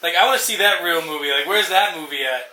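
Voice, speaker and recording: A man's voice: a little high, fast, sharp tone, echoey room, poor audio. A young man ranting sarcastically and profanely in casual chat, acting out movie lines as co-host. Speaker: podcast co-host.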